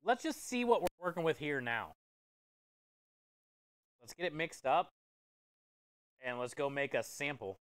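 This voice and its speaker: A man with a smooth, resonant voice talks casually to his livestream chat as he preps food in a kitchen. He is easygoing and jokey, chuckling as he goes. The sound is dry and close, with no room echo. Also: fairly high pitch, very animated, unhurried, pauses often, fairly bright tone. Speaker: food truck chef and livestreamer.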